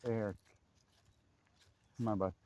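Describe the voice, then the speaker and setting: A man's voice: on the low side, fairly even intonation, slow. A man vlogging casually while walking his dog along a river trail, chatting and calling to the dog. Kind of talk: casual outdoor walk-and-talk. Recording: faint outdoor noise.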